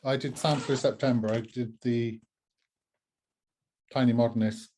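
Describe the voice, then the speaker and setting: A Southwest English man chats in a mellow, warm register. His delivery is dry and understated, like someone winding down in the evening. He sounds relaxed among friends. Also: medium pitch, moderate pace, a little hiss or hum. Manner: dry, understated, tired after a workday. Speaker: co-host. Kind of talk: casual chat showing finished stitching.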